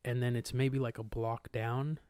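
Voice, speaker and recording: A young man tells a story in a loose, slangy way, swearing freely and acting out noises and voices as he goes. His voice sits at an ordinary middle pitch. The sound is dry and close, as if recorded on a podcast microphone. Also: moderate pace, smooth, no room sound. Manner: animated, slangy and profane, acts out sounds and voices. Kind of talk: casual storytelling chat.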